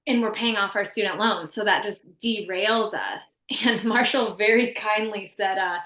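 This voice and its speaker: A woman's voice: medium pitch, measured pace, hardly any pauses, fairly bright tone. Earnest woman guest rambling through a personal story, roomy echo. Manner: earnest, heartfelt, rambling with many restarts. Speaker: podcast guest.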